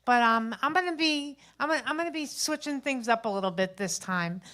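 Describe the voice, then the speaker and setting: Open-mic comic, grandmother around fifty, slightly high voice, chatty storyteller who acts out every line of dialogue. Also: fairly quick. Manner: chatty, animated retelling with acted-out quotes. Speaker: stand-up comedian. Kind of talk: storytelling stand-up set. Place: open mic stage at a local venue.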